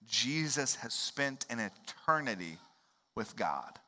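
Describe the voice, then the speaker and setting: A man, preaching a sermon in a conversational way that swings up into loud, emphatic rises. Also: medium pitch, sing-song, slow. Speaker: pastor.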